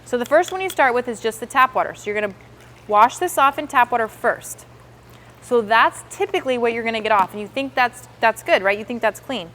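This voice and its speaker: A woman's voice: fairly high pitch, lively intonation, brisk, sharp tone, a little hiss or hum. Enthusiastic woman coaching a product demo. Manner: enthusiastic, coaching, acts out customer reactions. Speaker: sales trainer. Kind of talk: training demonstration.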